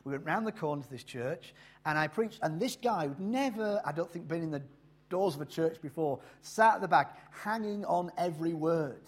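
A man preaching a sermon, slowing down and swelling in loudness on key phrases before dropping low again. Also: expressive. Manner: emphatic, rises and drops in loudness and slows on key phrases.

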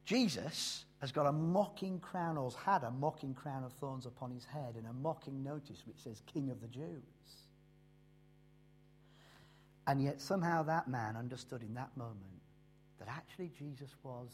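Male preacher, husky tone, expressive and varied delivery, draws out key phrases in a sermon. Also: fairly high pitch. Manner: emphatic, rises and drops in loudness and slows on key phrases.

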